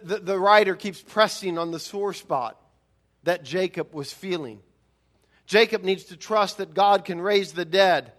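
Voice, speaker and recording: A male pastor delivering a sermon, pressing his points with rhetorical questions and repeated words. His voice sits high, with a bright, forceful edge. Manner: emphatic preaching with frequent repetitions and rhetorical questions.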